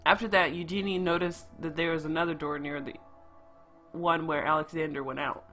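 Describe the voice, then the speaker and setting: A game streamer reading a story game's narration aloud, with quick asides of their own. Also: medium pitch, steady tone, bright, forceful tone, soft background music.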